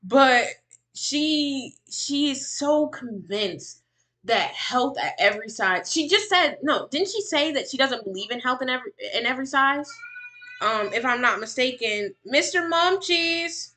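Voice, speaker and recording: Woman live streamer, bright high voice, snarky reaction commentary. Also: unhurried. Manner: sarcastic, mocking; animated, swings from shrill to low muttering.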